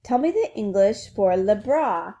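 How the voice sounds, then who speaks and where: A woman's voice: mid-range voice, sing-song, normal speed, dark tone, lightly acted. A woman voicing an eager young French princess who carefully sounds out English words. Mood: earnest.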